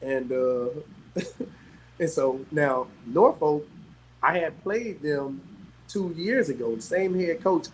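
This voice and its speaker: A middle-aged man tells long stories as a guest, animated and quick to laugh. His voice sits a little high for a man, and he keeps dropping in a casual "man" as he talks. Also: a little hiss or hum, low-quality recording. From South Carolina, US. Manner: animated, laughs often, peppers talk with "man". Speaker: guest, former pro athlete. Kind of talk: casual storytelling.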